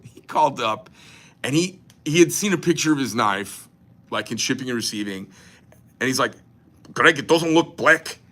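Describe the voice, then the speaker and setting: A man's voice: mid-range voice, animated, normal speed, pauses often, a bit bright. A man, a knife company owner, talking in a profane, joking, rambling style on a casual livestream. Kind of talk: casual crude livestream rant.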